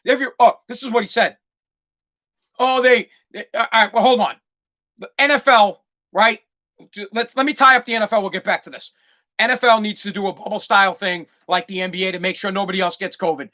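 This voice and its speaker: A man's voice: extremely high pitch, normal speed, sharp tone. A man hosting a solo podcast, ranting heatedly and swearing constantly. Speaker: podcast host. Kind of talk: profane solo podcast rant.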